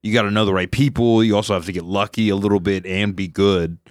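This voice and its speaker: Joking low-voiced male podcast host. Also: fairly even intonation, fast talker, dry recording, clean studio sound. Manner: joking, rambling, laughs often. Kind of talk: casual comedic chat.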